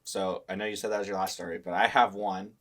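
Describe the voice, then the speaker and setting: A man's voice: low-pitched, fast. A young man hosting a casual chat, reacting with frequent laughter. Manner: laughs often, lively reactions. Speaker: host.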